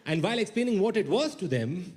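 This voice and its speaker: A young male comedian from India performs a stand-up set in a lively, swooping voice that leaps up into sudden shouted outbursts. He pitches slightly higher than most men, and faint ambient noise from the stage sits under him. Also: fast talker.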